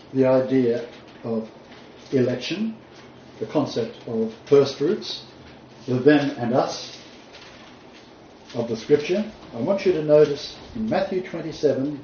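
A man preaching a sermon, reading scripture aloud and stressing key points with deliberate emphasis. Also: mid-range voice, lively intonation, mellow, a little hiss or hum. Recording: distant mic, roomy echo, dull sound.

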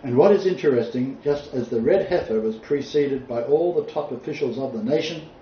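A man's voice: medium pitch, a little hiss or hum. Emphatic male preacher in a roomy hall. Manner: emphatic, deliberate, cites sources aloud. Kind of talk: sermon with scripture reading. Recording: distant mic, roomy echo, dull sound.

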